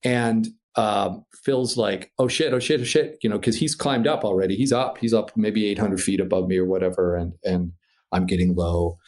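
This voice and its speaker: A man from Minnesota, a podcast guest, telling a story in a casual, animated way, swearing freely and laughing through the tense parts. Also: deep voice, normal speed. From Minnesota, USA. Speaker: podcast guest, paraglider pilot.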